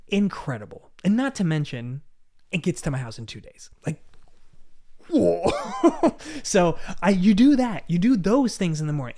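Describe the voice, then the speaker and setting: A young adult man hosting a casual motivational talk, animated and excitable, often breaking into laughter. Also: sits high. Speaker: host.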